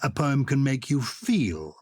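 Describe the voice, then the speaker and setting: A man's voice: mid-range voice, slow, slightly rough, no room sound, clean studio sound. Older man explaining poetry with gusto. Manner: animated, recites verse with emphatic rhythm. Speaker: podcast co-host. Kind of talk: enthusiastic conversational explaining.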